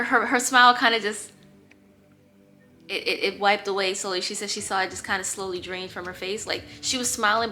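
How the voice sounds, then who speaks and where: A bright, clear-voiced woman tells a personal story straight to camera in a loose, chatty way. She slips into little character voices for the people she quotes, and soft music plays faintly underneath. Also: medium pitch. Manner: animated, acts out quoted voices. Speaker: vlogger. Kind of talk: casual storytime vlog.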